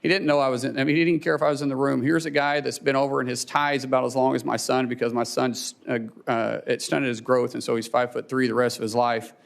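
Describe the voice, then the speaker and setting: A man testifying at a hearing, telling a personal story in a halting way, repeating words and choking up. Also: mid-range voice, flat delivery, vocal fry. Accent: Oklahoma. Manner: halting, repeats words, chokes up when emotional. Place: hearing room.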